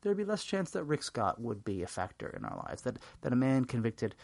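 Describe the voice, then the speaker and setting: A man's voice: medium pitch, sing-song, a little fast, gravelly, darkish tone, dry recording. A man giving a rambling, self-mocking comedic answer in an interview, full of fillers and restarts. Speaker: interview guest.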